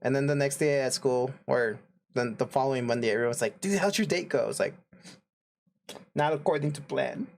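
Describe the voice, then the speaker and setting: Speaking quickly with a medium pitch, a young male podcast co-host tells a story in a casual, rambling style, packed with fillers and frequent laughter.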